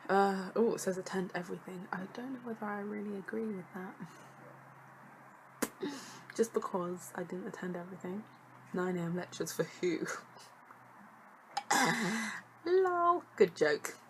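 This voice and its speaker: A woman's voice: medium pitch, steady tone, moderate pace, pauses often, noisy background. A young woman, a student vlogger chatting casually to camera, sassy and jokey with lots of laughing asides. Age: young adult.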